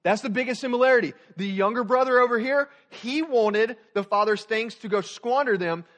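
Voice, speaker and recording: A young man preaching a sermon as student pastor, animated, swinging from loud emphatic points to quiet soft passages. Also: very high voice, brisk.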